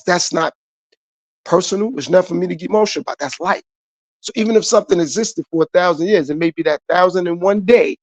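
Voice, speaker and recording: A man's voice: high-pitched, no echo. A man hosting his own podcast, giving a repetitive motivational monologue straight to his viewers. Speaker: podcast host.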